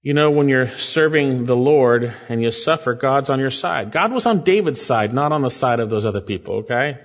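A man preaching a verse-by-verse sermon, earnest and animated, his voice rising sharply to stress key words. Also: medium pitch, moderate pace. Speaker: pastor. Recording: dull sound with long hall reverb.

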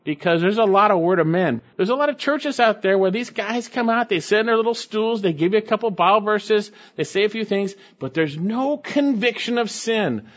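Man preaching, slow emphatic scripture reading. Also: high-pitched, expressive, highs cut off. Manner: reads scripture slowly, then explains it with emphatic asides. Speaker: pastor. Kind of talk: sermon.

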